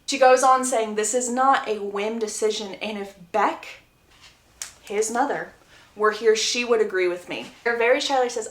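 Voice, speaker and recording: A young woman casually retelling a book's plot, chatty and playful, acting out the characters' lines in quick voices. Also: fairly high pitch, expressive, fairly bright tone, echoey room. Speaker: book recap creator.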